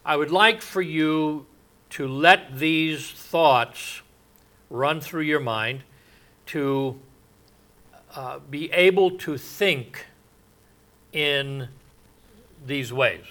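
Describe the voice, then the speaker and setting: Guy preaching slow and halting, lots of ums, bright clear tone. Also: on the high side. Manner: slow, halting, many fillers. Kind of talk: sermon.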